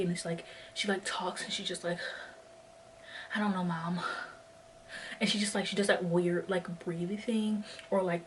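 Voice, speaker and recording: A woman with a lowish voice, recorded on a distant mic with faint ambience and a little hiss or hum, walks and vlogs. She's in her twenties, a bit out of breath, chatting casually and rambling with lots of fillers, especially "like."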